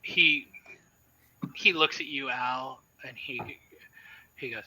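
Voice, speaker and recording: A man running a tabletop horror game, describing scenes in a halting way with plenty of ums. His voice is very bright and edgy with a husky rasp, and he speaks slowly. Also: medium pitch, no echo, muffled recording. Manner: halting, full of fillers. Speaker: game master.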